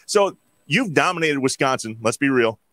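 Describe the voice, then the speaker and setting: A man's voice: medium pitch, moderate pace, dry recording. A man co-hosting a talk show, playfully hyping up the guest. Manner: playful, animated. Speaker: co-host. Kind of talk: casual interview chat.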